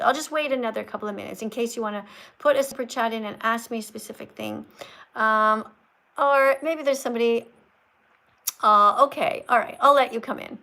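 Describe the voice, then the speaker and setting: A woman's voice: a little high, gravelly, bright, forceful tone, rough recording. Preachy, scolding woman lecturing on a livestream. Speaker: livestream host teaching veganism.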